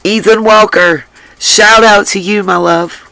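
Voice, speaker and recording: A woman hosting a casual livestream and reading the chat aloud, drained, her voice rough from crying, earnest and emphatic and given to repeating herself. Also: mid-range voice, steady tone, takes it slowly, bright, forceful tone, dry recording, low-quality recording. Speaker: livestream host.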